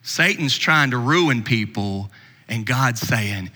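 A man preaching a sermon as pastor, swinging between loud emphasis and hushed asides. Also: mid-range voice, animated, slow pace, in a large hall.

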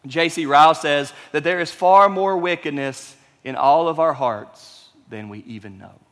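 Pastor preaching in a reverberant hall. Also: male voice, fairly high pitch, measured pace, fairly bright tone. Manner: conversational, emphatic preaching with rhetorical questions. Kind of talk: sermon.

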